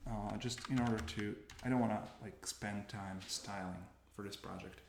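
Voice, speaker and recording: A man talks through his coding work in a casual screencast voice. He speaks on the low side, pauses often and backtracks mid-thought. The room is echoey, with clear background noise and keyboard clicks. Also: steady tone. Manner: thinking aloud, halting, self-correcting. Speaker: developer demoing his coding workflow. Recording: roomy with noticeable background noise. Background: keyboard typing and mouse clicks.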